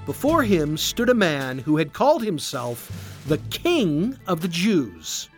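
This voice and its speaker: A man narrating a storybook slowly and expressively. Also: on the high side. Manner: slow, expressive. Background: background music.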